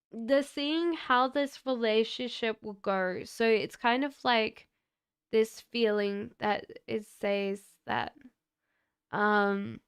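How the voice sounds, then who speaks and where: A woman giving tarot readings on a live stream, talking gently and reassuringly with frequent fillers. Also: medium pitch, smooth. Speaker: tarot reader.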